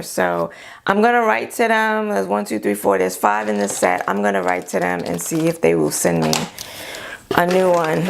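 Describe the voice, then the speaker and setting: Woman beauty vlogger, heavy vocal fry, unhurried, chatty and frank about likes and gripes. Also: mid-range voice. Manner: chatty, thinking aloud with frequent ums; openly vents annoyance and delight. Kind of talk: casual product haul chat.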